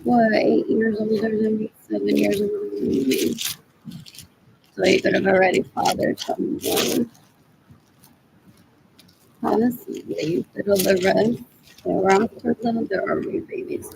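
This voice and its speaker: A woman's voice: a little high, fairly even intonation, unhurried, vocal fry, darkish tone, slight background noise, rough recording. A woman vlogging in a rambling monologue, blunt and profane, mixing English and Spanish and muttering to herself as she thinks of what to say next. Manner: repetitive, blunt and profane, often muttering 'what else'; switches between English and Spanish.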